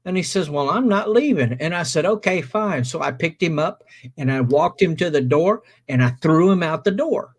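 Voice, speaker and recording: A man's voice: fairly high pitch, moderate pace. A man hosting a stream, casually telling a long anecdote and acting out the people in it. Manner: animated anecdote teller, acts out quoted voices. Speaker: stream host. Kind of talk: casual storytelling.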